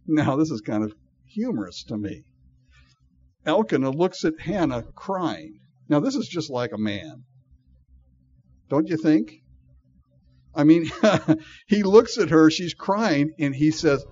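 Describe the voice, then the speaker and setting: A man's voice: fairly high pitch, sing-song, takes it slowly, long pauses, a little mellow, husky, muffled recording. A man preaching a sermon in a folksy, conversational way, with asides to the congregation. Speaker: pastor.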